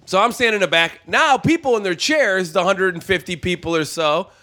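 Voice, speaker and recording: Male comedian guest, lively storyteller, slightly higher voice, does quick impressions of people. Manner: animated, acts out other people's lines. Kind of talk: casual podcast storytelling.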